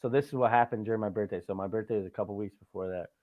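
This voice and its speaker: A man's voice: lowish voice, rapid-fire. A man hosting a podcast, telling a long story in a loose, rambling way, swearing often and tagging lines with "right?". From Canada. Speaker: podcast host. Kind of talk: casual podcast chat. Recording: tinny phone-like audio.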